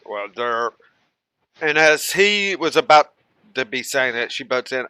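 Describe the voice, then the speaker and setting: A young man narrates a homebrew tabletop game as its game master. He talks slowly, stopping often on fillers and restarts. His voice is bright with a tight edge. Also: medium pitch, animated, clean tone, no room sound, low-quality recording. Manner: slow, halting narration with fillers.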